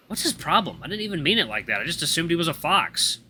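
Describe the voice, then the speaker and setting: A man's voice: on the high side, very animated, fast, bright, forceful tone, slight background noise. A man hosting a gaming channel, reading a visual novel aloud with playful asides.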